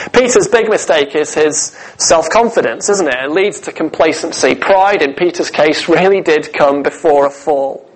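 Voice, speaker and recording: A man preaching a sermon in an earnest, emphatic way, pausing on key words. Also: on the high side, poor audio.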